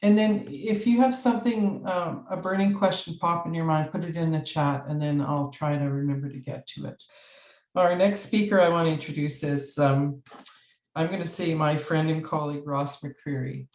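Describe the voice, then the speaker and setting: A woman's voice: low-pitched, moderate pace, darkish tone, reverberant, low-quality recording. A woman facilitating an online session, friendly and hesitant, with many fillers.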